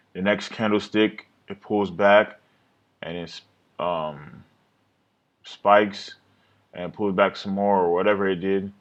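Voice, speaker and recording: A man's voice: low-pitched, lo-fi sound. A man recapping his day trades over a screen recording, rambling, self-critical and swearing often.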